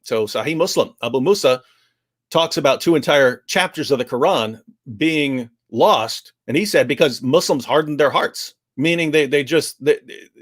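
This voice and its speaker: A man giving an animated explanation on a livestream discussion, restarting sentences often and acting out quoted speech. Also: on the high side, moderate pace. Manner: frequent restarts, acts out quotes.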